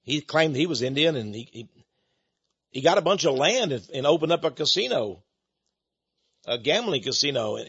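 A man from Texas talks on and on in a loose, folksy monologue, speaking straight to his listeners. His voice sits a bit high and has a husky edge. The recording is dry and dull, with a lo-fi sound. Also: a bit bright, no echo. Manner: folksy, meandering, addresses folks directly.

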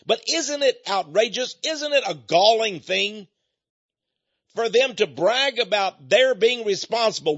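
A man's voice: sits high, expressive, a little slow, a bit bright, no echo. A man preaching an emphatic, repetitive monologue that speaks directly to his listeners. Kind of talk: radio-style sermon monologue. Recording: dull, muffled dry recording.

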